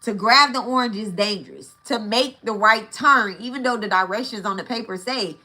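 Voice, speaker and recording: Woman, spiritual teacher, bright ringing voice, casual and profane, repeats herself for emphasis. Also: fairly high pitch, moderate pace. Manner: blunt and profane, with frequent checks of "right?" and "okay?"; repeats key phrases for emphasis.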